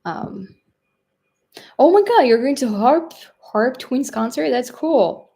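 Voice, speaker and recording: A woman's voice: high voice, big pitch swings, slow pace, vocal fry, dark tone. A young woman from France with a French accent, hosting a casual livestream and chatting loosely with viewers, full of fillers and little laughs. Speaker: livestream host reading viewer chat. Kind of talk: casual live-stream chat.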